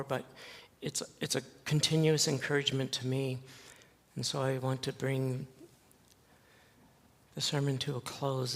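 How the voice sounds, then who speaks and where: A male pastor preaching a sermon, telling a story slowly and earnestly with dramatic pauses. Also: mid-range voice, gravelly. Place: church sanctuary. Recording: long church reverb.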